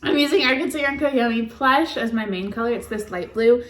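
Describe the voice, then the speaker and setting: A woman's voice: a little high, a little fast. A woman co-hosting a podcast, chatting casually and rambling about her knitting, often laughing. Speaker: podcast co-host. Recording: echoey room.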